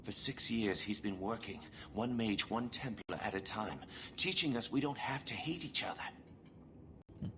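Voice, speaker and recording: A man with a lowish, animated, slightly slow voice plays an earnest young templar in a video game. He pleads urgently for a reform cause while game music plays behind him.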